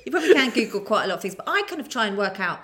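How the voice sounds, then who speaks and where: A middle-aged woman co-hosting a podcast, chatting casually in a lively, teasing way. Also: medium pitch, racing. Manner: lively, teasing, laughs often. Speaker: podcast co-host, writer. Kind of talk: casual chat.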